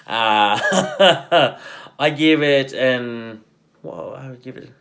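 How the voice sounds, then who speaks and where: A man's voice: medium pitch, lively intonation, extremely slow, a bit bright. Rambling man reviewing a movie. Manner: rambling, many fillers and restarts, swears freely. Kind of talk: casual spoken film review.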